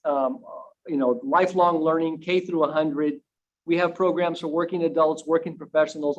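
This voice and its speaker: A man, a university administrator, giving a halting speech in a video meeting from his own room, repeating words and pausing on fillers. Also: on the high side, a little hiss or hum, low-quality recording. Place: home room used for video calls. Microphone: computer video call.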